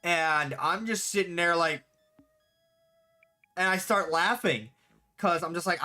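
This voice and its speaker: Late-20s livestreamer, sharp bright tone, loose animated storytelling, cusses casually. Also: mid-range voice, slow, soft background music. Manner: animated storyteller, swears freely, answers chat aloud. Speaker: streamer and game developer.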